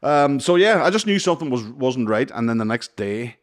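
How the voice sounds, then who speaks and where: A man's voice: mid-range voice, moderate pace. A man in his thirties, casually telling a long funny story on a podcast, swearing often and laughing as he goes. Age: 30s. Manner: animated, swears a lot, laughs mid-story. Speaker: podcast co-host.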